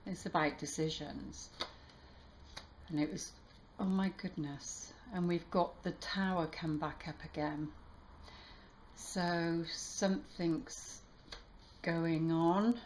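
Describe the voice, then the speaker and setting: A woman tarot reader talking warmly to her viewers, halting and emotional, with many restarts. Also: on the low side, a little hiss or hum. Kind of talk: casual heartfelt channel talk.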